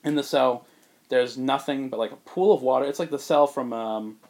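Man, podcast host, animated storyteller, casual movie pitch, mid pitch. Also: moderate pace. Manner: animated storyteller, does character voices, laughs often. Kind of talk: casual chat, acting out scenes.

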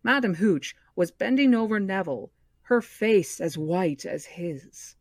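A woman hosting a book club podcast, reading a novel aloud in a measured, expressive way. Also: mid-range voice, no room sound, clean studio sound.

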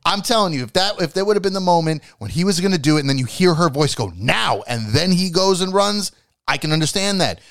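Man, podcast panelist, casual ranting, swears a lot, hushed acted-out lines, lively pitch, dry close mic. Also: fast talker, no room sound. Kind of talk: casual chat.

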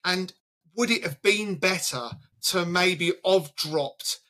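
Bright, higher-voiced male host posing questions in football chat. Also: slow. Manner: questioning, steers discussion to others. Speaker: podcast host.

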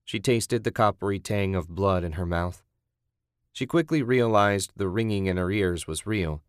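A man narrates a horror audiobook in a steady, measured reading style. His voice sits very low, and the recording is dry and close with no room sound. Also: smooth, no echo.

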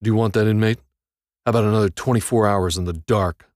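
A man's voice: fairly low pitch, steady tone, quick pace, darkish tone, dry recording, studio quality, natural voice. A man voicing a dim-witted, brutish male prison guard who taunts a prisoner. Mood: taunting. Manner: sneering, taunting.

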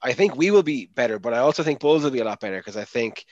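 A man's voice: mid-range voice, animated, fast talker, a little mellow, dry recording, lo-fi sound. A man talking casually on a sports podcast, hesitant, with frequent fillers and restarts. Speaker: podcast co-host.

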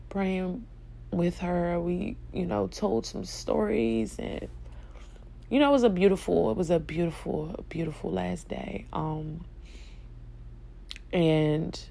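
A young woman telling a personal story in a soft-spoken, hesitant way, with many fillers and restarts. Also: on the low side, vocal fry. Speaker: vlogger sharing a personal story.

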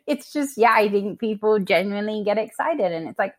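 A woman's voice: medium pitch, expressive, moderate pace, few pauses. A woman from London with an accent mixing British, Northern English and Australian sounds, chatting casually as a podcast guest and laughing often. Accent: mixed British, Northern English and Australian. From England (London). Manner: chatty, laughs often, acts out quoted voices. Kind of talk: casual interview chat.

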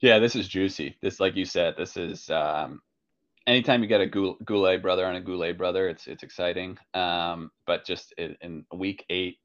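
A man co-hosting a fantasy football podcast, chatting in a relaxed, rambling way with many fillers. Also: low voice, normal speed, lo-fi sound. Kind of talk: casual chat.

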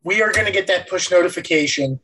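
Husky-voiced man ribbing his friends. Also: high-pitched, fast talker, bright, forceful tone, low-quality recording. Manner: teasing, sarcastic banter. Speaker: podcast host. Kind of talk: casual sports podcast chat.

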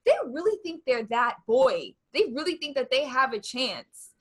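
A young woman with a slightly high voice co-hosts a casual chat podcast. She is blunt and playful and chimes in with quick quips. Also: very animated. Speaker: podcast co-host.

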